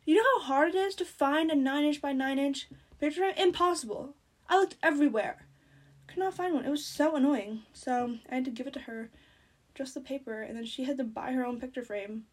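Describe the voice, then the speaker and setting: A teenage girl vlogging casually, reading out her own notes with rambling, sarcastic, animated storytelling while chewing gum. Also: high voice, brisk. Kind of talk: casual chat.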